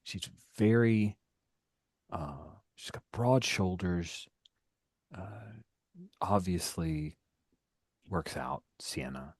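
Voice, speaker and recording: A man's voice: sits low, drawn-out words, pauses often, slightly rough, no echo. A man running a tabletop game as game master, narrating a scene loosely, with some whispered asides.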